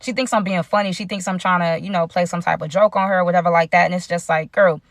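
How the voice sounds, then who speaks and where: A woman's voice: on the low side, fairly even intonation, fast talker, no echo, studio quality. A young woman telling a personal story in a casual, chatty way, talking straight to her viewers. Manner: chatty, addresses viewers directly.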